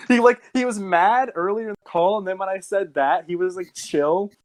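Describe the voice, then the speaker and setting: A young man tells a long, rambling story on a casual podcast, stopping now and then to laugh at his own jokes. His voice sits a little high, and the recording is close and dry with no room sound. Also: moderate pace, no echo, rough recording. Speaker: podcast co-host.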